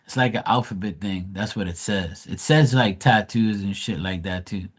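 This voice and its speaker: A man's voice: fairly low pitch, normal speed, breathy edge. A man giving a casual live tarot reading, reading card text aloud and chatting loosely with plenty of fillers. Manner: casual, rambling with many fillers. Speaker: tarot reader.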